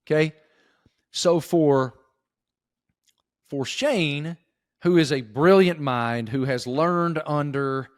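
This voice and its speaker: A man from rural Giles County, Virginia, with a Southern Appalachian accent, appears as a sports reporter guesting in a casual interview. His voice sits on the high side, and the recording is clean studio sound with no echo. He talks in an emphatic, folksy way, calling the host "bro" and "dude."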